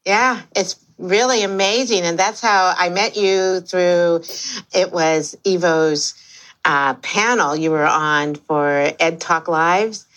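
An older woman hosts a podcast in a bubbly, easy way, laughing often. Her voice sits a little low for a woman. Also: slow pace, fairly bright tone. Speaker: podcast host. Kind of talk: casual podcast chat.

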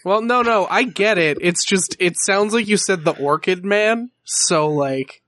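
A man narrating as game master of a tabletop game, laid-back and casual, with halting fillers and offhand swearing. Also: high voice, lively intonation, fairly bright tone.

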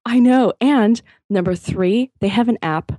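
A woman co-hosting a podcast, telling a story in a chatty, animated way with plenty of fillers. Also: a little high, a little slow, dry recording. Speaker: podcast co-host. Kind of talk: casual chat.

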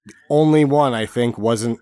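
A man's voice: medium pitch, normal speed, dark tone, clean tone, dry recording, clean studio sound. A man co-hosting a casual movie review chat, wryly recapping scenes and jumping into mock voices. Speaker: podcast co-host.

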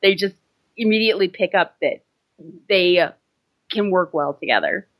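A woman co-hosting a podcast, enthusiastically describing film moments in quick bursts with laughs. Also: on the low side, lively intonation. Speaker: podcast co-host. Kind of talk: casual film discussion.

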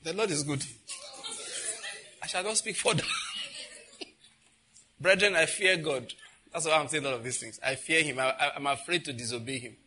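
A man preaching a sermon as pastor, animated and laughing as he acts out what others say. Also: on the high side, normal speed, pauses often, a little hiss or hum.

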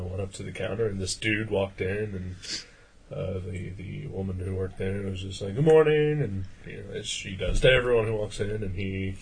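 A low-pitched man with a husky edge to his voice, chatting loosely on a podcast. He meanders through anecdotes, leaning on filler words and dropping casual swears. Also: low-quality recording. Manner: rambling storyteller, many "uh" fillers, swears freely. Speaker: podcast co-host. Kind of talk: casual chat.

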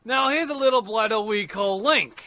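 A man's voice: high-pitched, normal speed, pushed and bright, voice pushed up. A man putting on an Australian accent to voice a cheerful, cheeky male animal expert. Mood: cheery. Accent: put-on Australian.

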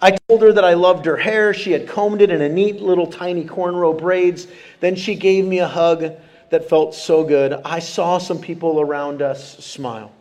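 A man preaches a sermon with a notably high voice. He keeps the congregation involved, calling out questions and asking for responses as he speaks from a church. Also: moderate pace. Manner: animated, engaging the congregation with questions. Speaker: pastor. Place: church sanctuary.

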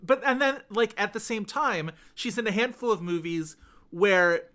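A man's voice: sits high, lively intonation, moderate pace, a bit bright. A man co-hosting a film podcast, chatting casually and rambling with many fillers. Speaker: podcast co-host.

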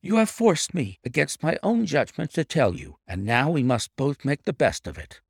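Man doing a proud young wife in a storybook, raised high voice, gravelly edge, dry close sound. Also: huge pitch swings, moderate pace, dry recording, heavily acted.

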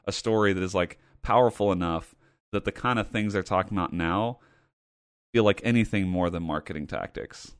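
A man's voice: low voice, normal speed, no room sound. Emphatic man on a podcast, dry sound. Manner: animated, emphatic, repeats himself for effect. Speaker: podcast host. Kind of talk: casual chat.

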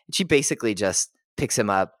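A man with a fairly low voice talks in easy podcast chat and gets animated as he retells scenes. He jumps into quick voices for the characters he quotes. The sound is dry and close, with no room around it. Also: dry recording. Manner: animated storytelling, acts out characters' lines. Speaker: podcast host. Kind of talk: casual chat.

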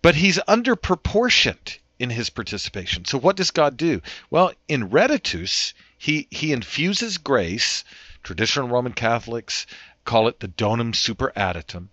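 Male guest, emphatic lecturer, lively pitch, dull lo-fi recording. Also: normal speed, no room sound. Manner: emphatic, lecturing, repeats words when restarting. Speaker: theologian guest. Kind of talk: theological discussion.

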